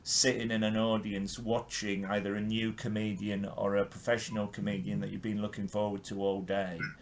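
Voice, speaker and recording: A man's voice: fairly low pitch, level tone, normal speed, a little hiss or hum. An older man from England hosting a podcast interview, chatting enthusiastically with frequent restarts. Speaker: podcast host. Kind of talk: casual interview chat.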